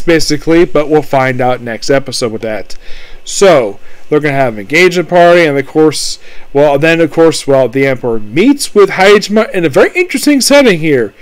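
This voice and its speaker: Rambling high-voiced man reviewing anime. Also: no room sound, low-quality recording. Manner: rambling, full of fillers like "basically" and "of course". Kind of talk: casual spoken review.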